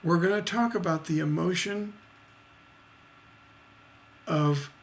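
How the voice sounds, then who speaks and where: A man's voice: high-pitched, takes it slowly. A man teaching songwriting on a live stream, chatty and rambling, with many fillers and tag questions.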